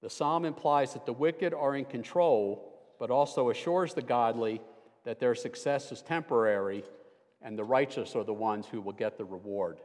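A man's voice: mid-range voice, normal speed, darkish tone. An older man giving a conversational sermon as a guest preacher, with dry, self-deprecating humor. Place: church sanctuary. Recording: long hall reverb.

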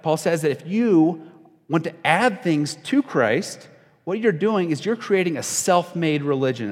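A man's voice: fairly high pitch, big-room sound. A young adult man preaching a sermon, talking conversationally, with fillers and restarts, and acting out voices of the people he quotes. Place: church.

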